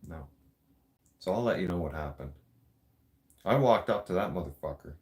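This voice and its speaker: With a low, expressive voice at a moderate pace, this show host tells a story in a casual, blunt manner. He's streetwise, swears nonstop, and addresses his audience directly.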